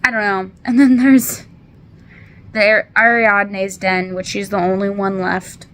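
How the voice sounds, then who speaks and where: A woman's voice: mid-range voice, level tone, measured pace, fairly bright tone. A woman in her twenties casually recapping a book in a chatty, rambling, apologetic way, with many fillers, holding back tears. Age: 20s. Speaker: book reviewer.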